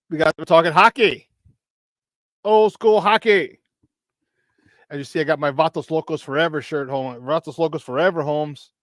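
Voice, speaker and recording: Male morning sports talk host, hypey, slightly high voice. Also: no room sound. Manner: animated, hypey, laughs often.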